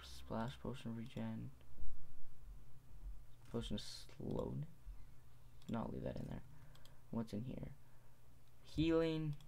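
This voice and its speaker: A man's voice: mid-range voice, takes it slowly, creaky, long pauses, mellow, a little hiss or hum. A teenage boy giving gameplay commentary, rambling, muttering to himself and correcting his words. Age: teens. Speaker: gaming video host.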